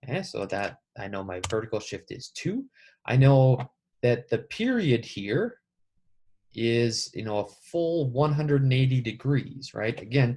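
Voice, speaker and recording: A man's voice: mid-range voice, a little mellow. A man teaching a math lesson, casually talking through each step aloud. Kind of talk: screen-recorded math lesson.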